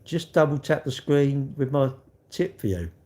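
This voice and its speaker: A man's voice: mid-range voice, lively intonation, measured pace, darkish tone. A man hosting a live stream, chatting in a rambling, self-mocking way and answering viewers.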